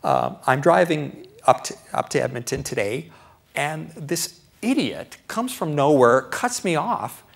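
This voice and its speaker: A middle-aged male doctor delivers a live lecture on health to an audience. He speaks conversationally, with animated swings in his delivery. He acts out his own thoughts along the way and keeps checking in with the listeners. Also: a little high, unhurried, creaky. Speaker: doctor giving a public lecture.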